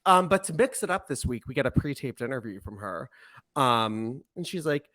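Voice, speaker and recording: A man's voice: medium pitch, very animated, moderate pace, a bit bright. A man co-hosting a podcast, chatting casually about wrestling and often acting out wrestlers' lines with laughter. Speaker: podcast co-host. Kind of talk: casual chat recapping wrestling.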